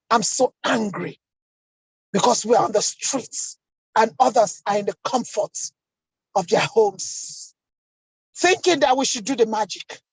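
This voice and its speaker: A woman's voice: mid-range voice, a little mellow, husky, no echo, poor audio. A Nigerian woman giving an angry, impassioned speech at an online protest, full of rhetorical questions. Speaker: protest speaker. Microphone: video call.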